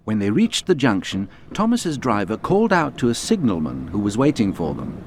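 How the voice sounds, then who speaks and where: A man's voice: on the low side, normal speed, few pauses. Male narrator reading a kids story, voice swoops all over, little tape hiss. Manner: lively, expressive storytelling. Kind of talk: children's audiobook narration.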